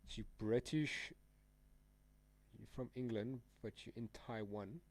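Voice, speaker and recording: A man's voice: medium pitch, measured pace. A young man chatting casually on a live trading stream, rambling and slangy with frequent laughs. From South Africa. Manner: laid-back, rambling, slangy, laughs often. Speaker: trading livestreamer.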